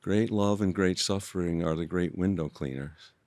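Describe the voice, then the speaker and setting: An older man as a podcast guest, speaking in a gentle, thoughtful way and often stopping to restart a sentence. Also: sits low, normal speed, no echo. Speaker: guest author. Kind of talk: reflective storytelling conversation.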